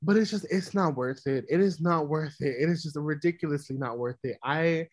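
A woman's voice: deep voice, fairly quick, darkish tone, no echo. A woman from New York, a podcast co-host, ranting emphatically and with heavy swearing in casual chat.

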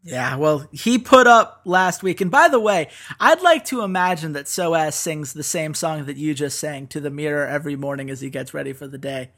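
A man's voice: fairly high pitch, expressive, normal speed, hardly any pauses, a bit bright. A man hosting a podcast, chatting upbeat and laughing easily, reading sponsor plugs. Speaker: podcast host. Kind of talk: podcast chat and sponsor read.

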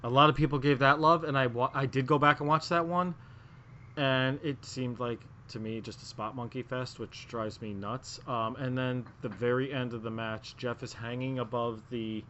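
A man's voice: medium pitch, steady tone, normal speed, sharp tone, slight background noise. A man co-hosting a casual wrestling podcast, rambling through his picks with lots of filler words and restarts. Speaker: podcast co-host. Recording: muffled lo-fi audio.

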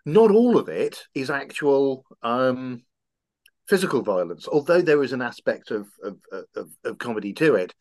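A man co-hosting a book podcast, chatting casually and reading passages aloud with animated character voices. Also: medium pitch, moderate pace. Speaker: podcast co-host discussing a novel.

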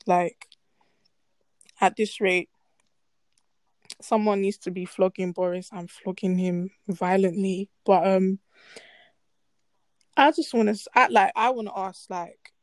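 A woman's voice: medium pitch, steady tone, slow pace, pauses often, dry recording. A young woman co-hosting a podcast, talking bluntly and swearing with exasperation. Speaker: podcast co-host. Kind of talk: casual chat.

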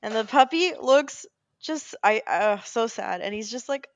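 A woman co-hosting a casual podcast, telling stories in an animated, rambling way, full of fillers and self-corrections. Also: mid-range voice, fairly quick, no room sound. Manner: animated storytelling, often laughing. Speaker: podcast co-host. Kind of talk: casual chat.

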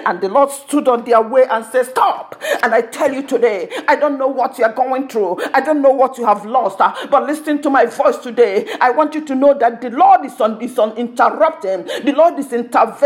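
A woman preaching a sermon, fervent, with lots of repetition. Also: high-pitched.

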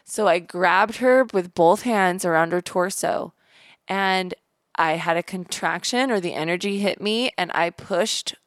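An animated woman recounts a personal story, slipping into the voices of the people she quotes. Her voice sits a little low for a woman, and the recording is dry and close, with no room sound. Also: unhurried, no echo. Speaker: podcast guest. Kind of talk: casual storytelling interview.

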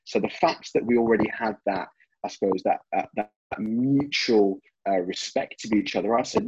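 A man's voice: fairly low pitch, moderate pace, a little mellow, husky, lo-fi sound. A British man, a fitness writer, chatting as a podcast guest over a remote call, often repeating words as he thinks. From Britain. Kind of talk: casual interview chat.

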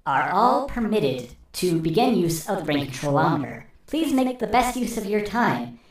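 A man's voice: high voice, sing-song, moderate pace, very echoey, distant mic, voice pushed up. A man, the game master, voicing a cheerful automated machine announcer that greets the players formally.

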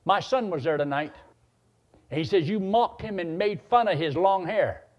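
Guy doing an angry threatening dad, mean tone, husky voice. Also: medium pitch, lively intonation, fast, dull audio. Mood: menacing. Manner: menacing, mean. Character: angry threatening father on phone.

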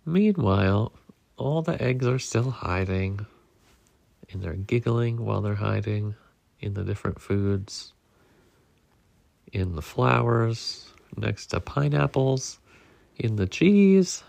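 A man reads a picture book aloud at a relaxed, slow pace, his voice gravelly and moving freely up and down. He pauses now and then to talk about the pictures with a child. The sound is dry and close, recorded at home. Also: fairly low pitch, no room sound. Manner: unhurried, stops to chat about the pictures. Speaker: parent reading to a child.

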